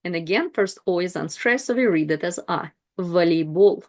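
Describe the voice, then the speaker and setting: A woman teaching pronunciation, saying each word slowly and then repeating it. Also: lowish voice, animated. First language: Russian. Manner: repeats each word twice, slow and deliberate. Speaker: language teacher. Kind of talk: slow, clear pronunciation lesson.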